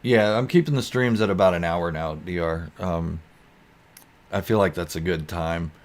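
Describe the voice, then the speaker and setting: A man with a low voice hosts a relaxed live stream. He reads viewer comments aloud and rambles through them in a goofy, easygoing way. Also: normal speed.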